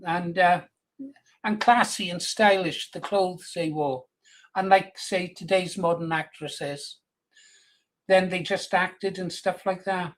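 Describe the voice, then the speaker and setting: Radio caller, casual chat, enthusiastic, nostalgic, middle pitch. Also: steady tone, slow, low-quality recording.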